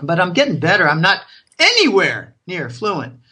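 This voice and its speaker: An American man rambles through stories in casual podcast talk. His voice is bright and forward, and he slips into other people's voices when he quotes them. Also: high-pitched, huge pitch swings, moderate pace, husky. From United States. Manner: rambling storyteller, acts out friends' voices in quotes.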